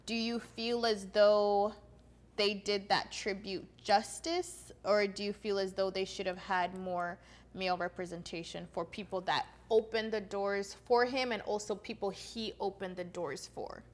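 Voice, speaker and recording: A woman's voice: mid-range voice, fairly even intonation, unhurried. A woman interviewer asking casual questions, chatty and encouraging with short affirmations.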